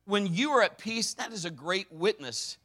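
A pastor preaching a sermon, fervent and emphatic, with a folksy, conversational way of talking. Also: male voice, sits high, expressive, normal speed, pushed and bright.

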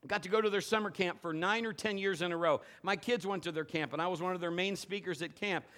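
Preaching fast in a voice that sits high, a man delivers an animated, playful church sermon. He moves back and forth between booming exhortations and hushed asides.

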